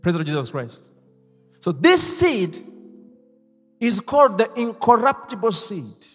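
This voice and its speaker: A man preaching a sermon as pastor, leading the congregation to repeat his lines and moving between hushed asides and loud exclamations. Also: high voice, sing-song, a little slow, husky, faint music behind. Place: church hall. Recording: reverberant church hall.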